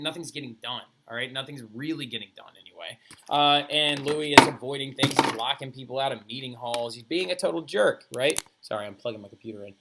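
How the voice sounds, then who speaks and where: A male history teacher giving an animated, casual lecture full of playful asides. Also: on the high side.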